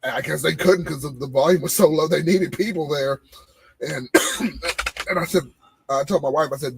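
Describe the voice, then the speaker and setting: A man, co-hosting a casual podcast and telling animated stories about his old job. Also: a little high, normal speed, vocal fry, slight background noise, poor audio. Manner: animated storytelling, repeating phrases. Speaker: podcast co-host. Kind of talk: casual chat.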